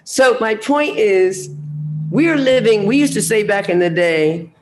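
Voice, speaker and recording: A woman's voice: medium pitch, lively intonation, a little slow, a little hiss or hum. An older woman giving a public talk as guest speaker, telling personal stories bluntly and animatedly, with frank profanity.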